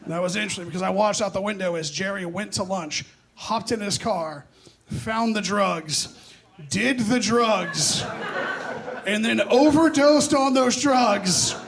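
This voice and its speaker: High-voiced young male stand-up comic. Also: measured pace, a little hiss or hum. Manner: self-deprecating, punchy, loud. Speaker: stand-up comedian. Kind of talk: stand-up set. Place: comedy club stage. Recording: live club audience laughing.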